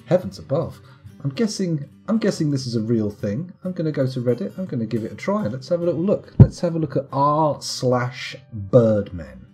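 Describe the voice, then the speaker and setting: A man's voice: medium pitch, sing-song, moderate pace, mellow, soft background music. A man giving casual, rambling commentary over a live game stream, full of wry, self-mocking asides. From United Kingdom.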